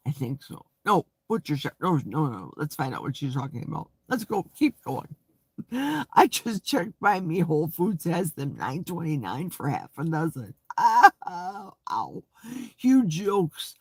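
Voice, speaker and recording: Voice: mid-range voice, a little mellow, breathy edge, no room sound. An older host chatting playfully on a live stream, reading viewer comments aloud with gasps and sing-song asides. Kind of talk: casual live chat.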